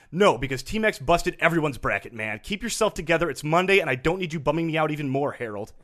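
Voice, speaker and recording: A man's voice: fairly high pitch, animated, fast talker, few pauses, fairly bright tone. A man co-hosting a casual comedy podcast, reading out mock rules with wry jokes. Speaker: podcast co-host.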